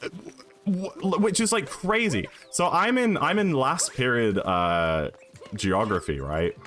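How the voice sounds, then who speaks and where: A man's voice: medium pitch, unhurried, soft background music. A young man with an English accent, chatting and storytelling casually as a streamer, rambling along with lots of fillers and tags like "right?". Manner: animated, rambling, filler-heavy with frequent "right?".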